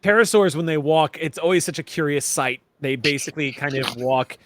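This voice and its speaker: A man narrating a tabletop game as game master, relaxed and chatty with many fillers. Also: on the high side, a little fast, a little hiss or hum.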